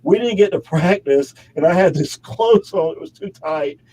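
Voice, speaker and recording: A man's voice: sits high, expressive, moderate pace, darkish tone, slight background noise, rough recording. A man, an actor and model, chatting as an interview guest in his home studio, rambling through stories with frequent laughs. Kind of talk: casual interview chat.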